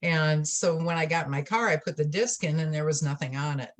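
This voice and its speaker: A middle-aged woman with a fairly low voice recounts her life story in a relaxed interview. She laughs often along the way and slips into the voices of people she quotes. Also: fairly quick. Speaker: guest, spiritualist church trustee.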